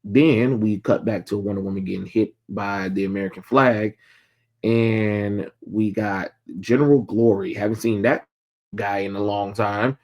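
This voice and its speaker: A man's voice: on the low side, steady tone, a little slow, a little mellow. A man casually recapping a comic book issue, rambling with lots of ums and blunt, sarcastic asides. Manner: rambling, many filler ums.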